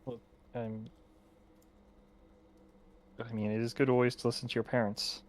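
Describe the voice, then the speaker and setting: A man's voice: medium pitch, flat delivery, rapid-fire. A man playing a tabletop game in character, speaking hesitantly and politely. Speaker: player.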